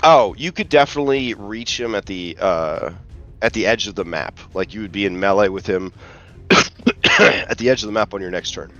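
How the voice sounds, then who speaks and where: Low-voiced man running a tabletop game. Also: normal speed, dull audio, soft background music. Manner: relaxed, hesitant with many fillers. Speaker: game master.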